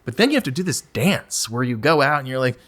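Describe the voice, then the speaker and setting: Talking openly as a guest on a podcast, this musician in his forties switches into squeaky mock voices to play out pleas for attention. He sounds expressive and a little bright, and he talks fast.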